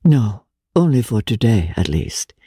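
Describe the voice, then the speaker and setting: A woman's voice: a bass voice, big pitch swings, a little slow, mellow, breathy edge, no echo, studio quality, voice pushed down, heavily acted. A woman voicing an elegant, wistful young countess who talks in a lightly teasing, petulant way. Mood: eager.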